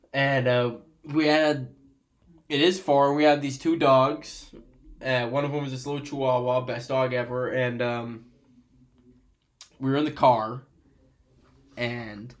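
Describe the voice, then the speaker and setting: A young man in casual podcast chat, telling rambling, sweary stories and laughing often, recorded on a computer microphone. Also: medium pitch. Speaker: podcast co-host.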